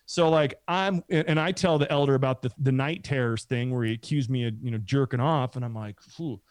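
In a smooth, mid-range voice at a fairly quick clip, a middle-aged man rambles casually through a long story, animatedly performing the voices of the people he quotes. No room sound is audible.

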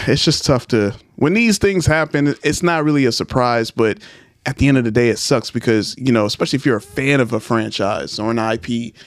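A man hosts a casual podcast chat in a smooth, clear voice. He is laid-back, drifts through fillers and laughs easily. The sound is dry and close. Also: medium pitch, a little fast, dry recording. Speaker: podcast host.

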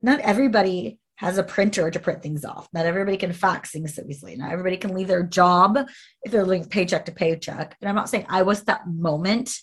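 A woman's voice: lowish voice, quick pace, breathy edge. A woman guest telling a personal story in an interview, candid and blunt, swearing freely.

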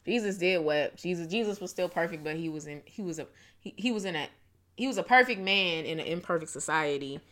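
A young woman co-hosting a casual chat show, talking in a playful, animated way with quick asides. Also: lowish voice. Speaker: podcast co-host.

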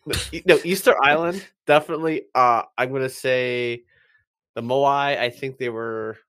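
A man's voice: mid-range voice, normal speed, fairly bright tone, clean tone. A young man from Vermont co-hosting a podcast, playful and laughing often in casual chat.

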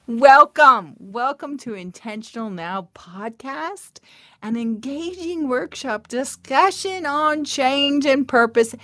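Animated woman podcast host, slow and lilting. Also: medium pitch, no echo, studio quality. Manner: animated, thoughtful humming fillers, laughs easily. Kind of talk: storytelling and podcast intro.

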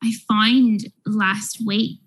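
Breathy young woman. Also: mid-range voice, little pitch movement, very slow, a bit bright, low-quality recording. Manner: chatty, lots of fillers. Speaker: guest, small business owner. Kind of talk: casual podcast chat.

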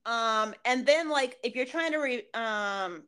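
A woman co-hosting a casual podcast, talking bluntly with lots of swearing and quick interjections. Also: on the high side, sharp tone, smooth. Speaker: podcast co-host. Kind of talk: casual profane chat.

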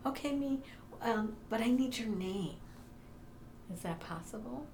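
A woman investigating the paranormal in her own home, speaking gently and patiently to the unseen. Her somewhat high voice has a gravelly fry to it. The room echoes around her, with a faint hum behind. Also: lively intonation, measured pace. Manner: gentle, coaxing, sprinkled with ums. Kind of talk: calling out to spirits in her own house.

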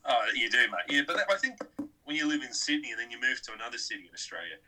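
A man's voice: mid-range voice, lively intonation, fast, pushed and bright, low-quality recording. A middle-aged man with a New Zealand accent in casual chat, laid-back and saying "mate" a lot.

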